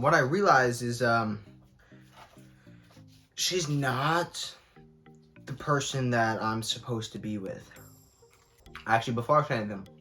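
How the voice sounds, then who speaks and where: A man's voice: medium pitch, sharp tone. A young man vlogging casually while eating, talking candidly and rambling with lots of fillers, sometimes with food in his mouth. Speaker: mukbang vlogger.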